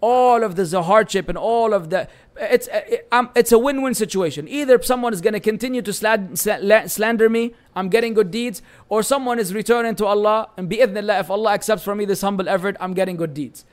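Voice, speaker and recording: A man with a Lebanese Arabic accent, a native Arabic speaker, answering viewer questions as an Islamic teacher in an animated, bantering live-stream chat that is sprinkled with Arabic phrases. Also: high voice, a little fast, smooth.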